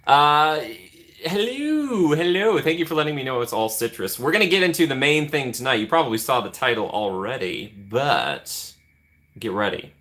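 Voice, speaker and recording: A young Midwestern American man hosts a casual livestream, greeting chat by name in a playful, talkative way. His voice is bright and forward, and his pitch jumps all over as he banters. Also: animated, brisk. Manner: playful, chatty, reads and answers chat. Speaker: livestream host. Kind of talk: casual chat with live viewers.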